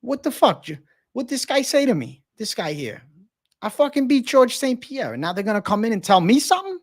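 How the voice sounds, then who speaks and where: A man putting on an impression of a hot-headed male fighter who rants loudly in outrage. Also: very high-pitched, sing-song, brisk, pitched above the performer's own voice, heavily acted. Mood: outraged. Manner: loud, outraged ranting.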